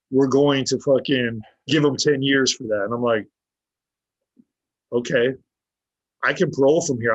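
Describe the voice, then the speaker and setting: Speaking at a medium pitch, this podcast guest recounts a tale casually, swearing heavily and performing other people's lines in a blunt way. His audio sounds dull, lo-fi and dry, without any echo.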